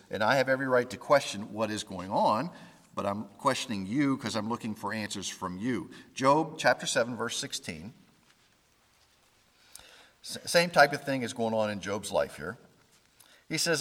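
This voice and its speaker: A man's voice: mid-range voice, fairly bright tone. A man preaching a conversational sermon, voicing the pleas of scripture figures. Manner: conversational, with restarts and quoted pleas to God. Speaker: pastor. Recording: reverberant hall.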